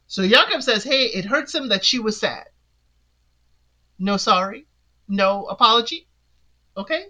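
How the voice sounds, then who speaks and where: Chatty bright-voiced woman recapping. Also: on the high side, low-quality recording. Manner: chatty, animated, talks back at the cast with sassy asides. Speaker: podcast host. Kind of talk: casual recap commentary.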